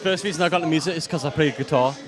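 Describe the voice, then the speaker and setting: A man's voice: a little high, very fast, crowd noise. A hungover man in his twenties, a DJ guest, chatting casually and swearing freely. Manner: laid-back, swears freely. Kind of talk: casual interview chat. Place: outdoors in a city.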